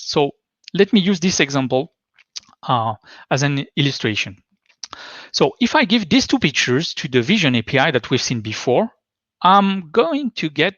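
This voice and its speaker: A man presenting a tech talk at a middle pitch, working through his points in a hesitant, stop-start way. The sound is slightly muffled and lo-fi, and it is dry, with no room echo at all. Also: a bit bright.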